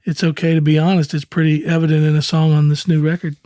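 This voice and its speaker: A man in his sixties talks as an interview guest, winding through anecdotes and acting out what others said with easy chuckles. His voice sits a little high for a man. The sound is dry and close. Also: quick pace, no room sound. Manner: relaxed, rambling anecdotes with quoted dialogue and chuckles. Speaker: guest, country singer. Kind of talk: casual storytelling in an interview.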